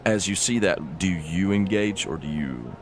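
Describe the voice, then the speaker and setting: Casting: very low-voiced male game master, relaxed rambling narration. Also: measured pace. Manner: loose, rambling narration with fillers.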